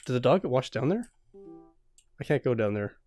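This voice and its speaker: A man's voice: medium pitch, sing-song, normal speed, a little mellow, soft background music. A young man playing a horror game blind, jumpy and swearing, laughing nervously as he talks through the scares. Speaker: let's play host.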